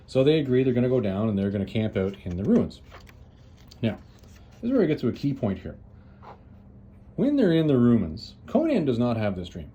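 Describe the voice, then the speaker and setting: A man's voice: medium pitch, huge pitch swings, normal speed, pauses often, dark tone. A man casually retelling a story as a host, chatty and loose, with lots of "uh"s and restarts. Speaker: comics reviewer, host.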